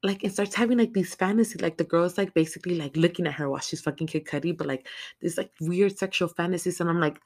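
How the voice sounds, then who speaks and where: A woman's voice: lowish voice, fast. A woman retelling a horror film in casual, profane talk, packed with "like" fillers and swearing. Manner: animated, heavy swearing, lots of "like" fillers. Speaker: film recap vlogger. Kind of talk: casual profane movie recap.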